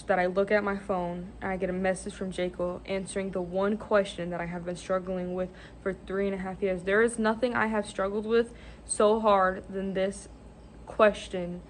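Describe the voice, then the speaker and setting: Excitable young woman vlogging. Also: medium pitch, moderate pace, slight background noise. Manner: excitable, gushing, lots of "like" and "literally". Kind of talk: casual faith vlog.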